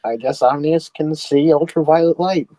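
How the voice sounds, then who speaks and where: A man's voice: a little high, normal speed, mellow, dry recording. A man playing in a tabletop game, easygoing and wondering aloud. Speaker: player.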